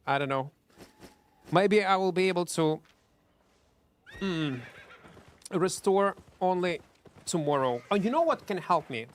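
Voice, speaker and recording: A man streaming a game with a high, light voice. He talks casually with his viewers in a chatty, excitable way. He trips over his words and repeats himself as he plays. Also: measured pace, long pauses. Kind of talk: live gameplay commentary chatting with viewers.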